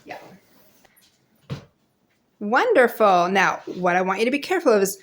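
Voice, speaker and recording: A woman's voice: medium pitch, big pitch swings, moderate pace. A woman in her thirties, a homeschooling mother, patiently teaching her kids at home and chatting to the camera in between. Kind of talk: casual teaching and vlog commentary. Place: family home.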